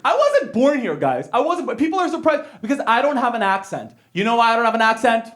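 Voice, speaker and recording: A young man born in Korea telling stand-up stories on stage, animated and quick to jump into character voices. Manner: animated storytelling, jumps into high squealing character voices. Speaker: stand-up comedian. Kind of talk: stand-up comedy set. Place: comedy stage with audience.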